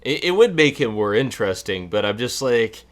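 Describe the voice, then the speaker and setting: A man's voice: medium pitch, sing-song, moderate pace. A man co-hosting a casual film review chat, talking with hesitant, stammering restarts. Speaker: podcast co-host.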